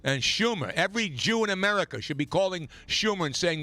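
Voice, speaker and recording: A man hosting a talk radio show, delivering an impassioned, emphatic political monologue that climbs toward near-shouting. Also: sits high, expressive, brisk, no room sound, soft background music. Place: radio studio.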